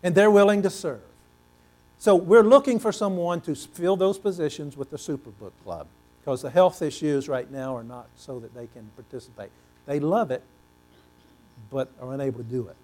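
A male pastor preaching a sermon, animated and asking the congregation questions, swinging between loud and hushed delivery. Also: on the high side, moderate pace. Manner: repeats words for emphasis, asks the congregation questions.

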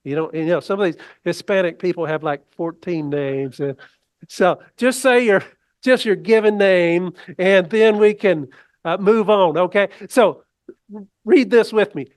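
High-voiced rambling man preaching. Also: measured pace, clear, resonant tone, dry recording. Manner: folksy, rambling preaching with restarts. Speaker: pastor. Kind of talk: sermon.

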